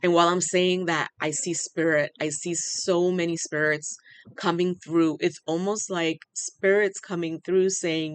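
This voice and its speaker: An earnest tarot reader talks through a channeled reading, repeating phrases and pausing often as if moved. The voice sits at an ordinary middle pitch and sounds emotional throughout. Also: fairly even intonation, clear, resonant tone. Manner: emotional, says they are overwhelmed.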